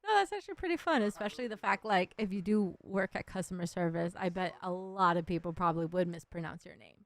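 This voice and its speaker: A woman's voice: fairly low pitch, quick pace, dry recording. A woman hosting an interview over a video call, friendly and giggly with loose phrasing. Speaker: podcast host. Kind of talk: casual interview.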